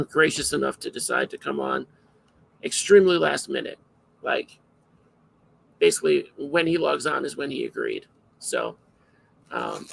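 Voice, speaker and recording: Male podcast host, very gravelly, bright edge, rambling casual delivery. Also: on the high side, slight background noise, poor audio. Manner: rambling, loose and self-interrupting. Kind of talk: casual live podcast chat.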